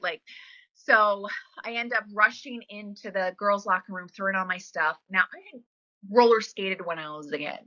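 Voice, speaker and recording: A woman tells a long story in a relaxed interview, chatty and full of fillers, slipping into the voices of people she quotes. Her voice is bright and sharp at a mid pitch. The recording sounds dull and lo-fi. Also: normal speed. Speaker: podcast guest, former wrestler.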